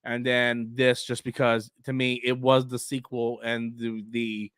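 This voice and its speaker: A man's voice: medium pitch, level tone, unhurried, fairly bright tone, clear, resonant tone, dry recording. A man hosting a casual live stream, heated and profane, who breathes through his mouth and coughs often.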